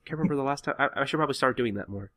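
A man's voice: mid-range voice, racing, a bit bright. A man hosting a podcast, recapping manga chapters in a rambling, filler-heavy way. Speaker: podcast host. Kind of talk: casual manga recap chat.

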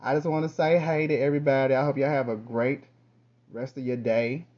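A man's voice: mid-range voice, a little fast. Rambling man hosting a lo-fi podcast. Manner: chatty, loose, drifts between topics; swings between lively bursts and quiet trailing asides. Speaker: podcast host. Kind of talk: casual rambling monologue.

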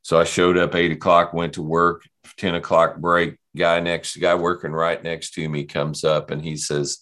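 A man, guesting on an interview and telling his story. His voice sits extremely low. He talks in a loose, rambling way, circling back and restarting his sentences. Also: flat delivery, moderate pace, hardly any pauses, a bit bright. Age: 60s.

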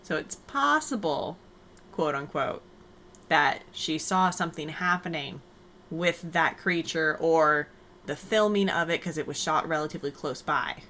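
A woman's voice: low-pitched, expressive, a little slow, bright, forceful tone, slight background noise. A woman hosting a podcast in casual chat, explaining and telling stories in an upbeat way. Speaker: podcast host.

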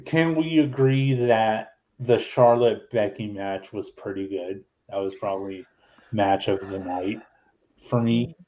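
A man's voice: fairly low pitch, slow pace, mellow, lo-fi sound. A man hosting a podcast in casual chat, annoyed and swearing freely. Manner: annoyed and profane. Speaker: podcast host.

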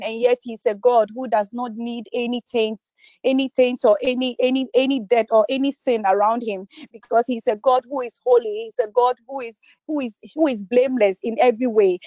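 Woman praying out loud for the church, high voice, keeps saying oh god, slips into tongues, dull dry lo-fi sound. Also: fairly even intonation, a little fast, dry recording. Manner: repeats "oh God" between phrases; breaks into speaking in tongues. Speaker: prayer leader. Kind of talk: fervent congregational prayer.

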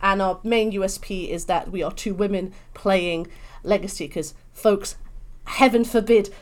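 A young woman from London with a British accent, a guest chatting in an interview, bubbly and expressive. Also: mid-range voice, normal speed. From London, England. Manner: bubbly, expressive, swings into animated voices. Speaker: podcast guest. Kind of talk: casual interview chat.

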